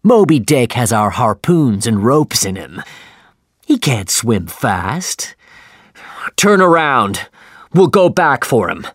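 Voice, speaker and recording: A man voicing an obsessed, fierce older male whaling captain who shouts his commands. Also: medium pitch, sing-song, slow pace, slightly rough, no room sound, clean studio sound, heavily acted. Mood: urgent.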